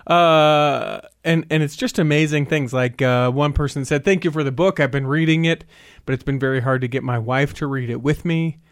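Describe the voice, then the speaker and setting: A man's voice: fairly high pitch, normal speed, no room sound. A man hosting a podcast in a home studio, chatting and teasing his co-host while a sore tongue affects his speech. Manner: teasing, rambling. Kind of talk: casual podcast chat.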